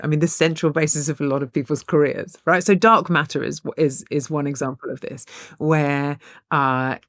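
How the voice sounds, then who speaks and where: A woman's voice: deep voice, fairly even intonation, moderate pace, no echo, studio quality. A woman co-hosting a podcast in casual chat, a chatty storyteller who often laughs mid-sentence. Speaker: podcast co-host.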